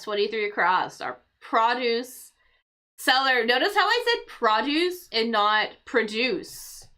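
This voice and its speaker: A woman's voice: mid-range voice, bright, forceful tone. A woman hosting a casual crossword livestream for English learners, thinking aloud and explaining word meanings patiently.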